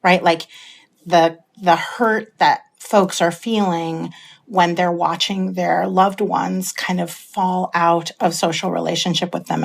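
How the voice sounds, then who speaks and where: Low gravelly woman author guest, talks slow and reflective. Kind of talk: interview conversation.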